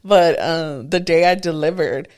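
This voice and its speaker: A woman's voice: low voice, measured pace. A young woman co-hosting a casual podcast chat, telling stories animatedly and laughing often. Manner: animated storyteller, acts out quoted people, laughs often. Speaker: podcast co-host.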